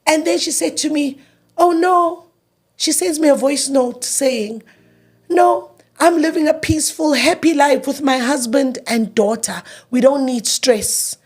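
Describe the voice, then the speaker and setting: A woman's voice: high voice, a little slow, a little mellow. A grieving woman in her thirties tells her story in an interview, emotional and repeating herself as she acts out past arguments in quoted dialogue. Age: 30s. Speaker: interview guest.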